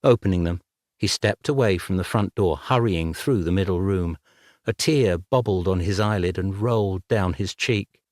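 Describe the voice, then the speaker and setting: A man reading a dark fantasy novel aloud as scripted narration, in a measured, even way. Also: deep voice, no echo, studio quality. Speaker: audiobook narrator.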